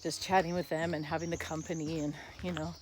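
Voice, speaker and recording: A woman's voice: low-pitched, little pitch movement, fast talker, noisy background. A woman on a casual walking vlog, chatting outdoors with lots of "you know" fillers and delighted asides. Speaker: vlogger walking the Camino. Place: outdoors on a rural path.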